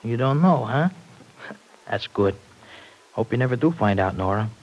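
A man's voice: mid-range voice, animated, unhurried, a little mellow, low-quality recording. A slangy tough young guy. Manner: slangy tough-guy talk, dropped grammar. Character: tough streetwise young working-class man. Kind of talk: 1940s radio acting. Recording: old radio broadcast recording.

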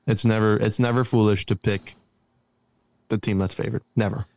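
Low-voiced young man, argumentative. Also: level tone, normal speed, a little mellow, no echo. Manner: argumentative, joking, stretches words to make a point. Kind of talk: casual chat.

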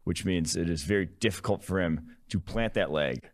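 A man's voice: deep voice, normal speed. A man co-hosting a sports podcast, explaining his points in a wry, analytical way. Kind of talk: casual sports podcast chat.

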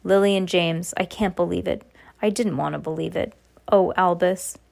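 A woman's voice: on the low side, fairly even intonation, normal speed, creaky, darkish tone. Woman voicing a fretful, stern witch professor. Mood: distressed. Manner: fretful, protesting. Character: stern anxious older female witch professor.

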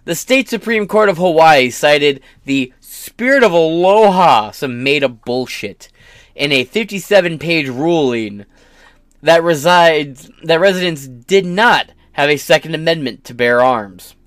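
A man's voice: fairly high pitch, animated, a little slow, fairly bright tone, no echo, clean studio sound. A man hosting his own podcast, ranting in a profane, sarcastic and combative way. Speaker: podcast host.

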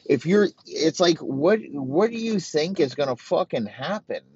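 Brief: a male sports-show host ranting and cursing at length; he rambles, his pitch is middling, and the recording sounds dull and lo-fi. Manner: rambling, heavy swearing. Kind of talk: profane sports rant.

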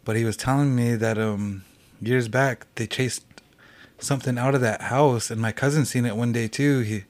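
A man's voice: mid-range voice, fairly even intonation, moderate pace, a little mellow. A young man from a reservation telling ghost stories as a podcast guest, rambling casually with many fillers and restarts. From Cheyenne reservation, United States. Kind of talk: casual storytelling.

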